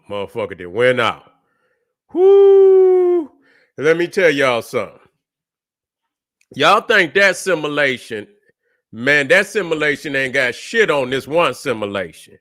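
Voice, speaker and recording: A man's voice: mid-range voice, expressive, measured pace, pushed and bright. A man hosting a casual reaction vlog, telling a rambling, profane story straight to his viewers. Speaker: channel host.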